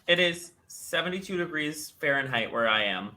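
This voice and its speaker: Co-host type: man from Florida, forceful bright voice, slightly high, wry delivery. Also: animated, normal speed. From Central Florida. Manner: wry, self-mocking. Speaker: podcast co-host. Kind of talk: casual chat.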